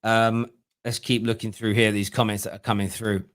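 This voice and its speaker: A man's voice: lowish voice, flat delivery, moderate pace, fairly bright tone. A young man hosting a casual football fan live stream, joking and reading viewers' comments aloud. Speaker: fan channel host.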